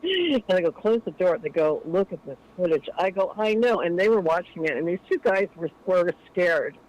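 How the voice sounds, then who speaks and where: This late-night show caller is a woman whose pitch sits fairly low, speaking at a normal pace over bad audio. Her long personal tale comes out chatty, and she animates anyone she quotes.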